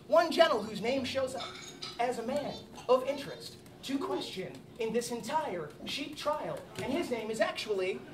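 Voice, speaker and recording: A man spins a mock-heroic comic tale at a medieval reenactment feast. His voice runs high and swings widely. He sounds distant from the mic, and a loud crowd fills in behind him. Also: noisy background. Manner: animated, laughing, mock-heroic. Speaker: bard telling a tale at a feast. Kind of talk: comic oral storytelling to a live audience. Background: audience laughter and chatter.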